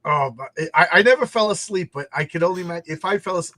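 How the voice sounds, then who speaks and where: Guy telling funny old stories on a podcast, kinda high voice, laughs a lot, trips over his words. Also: fast. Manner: animated, laughing, repeats words when starting sentences. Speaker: podcast host. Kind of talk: casual storytelling chat.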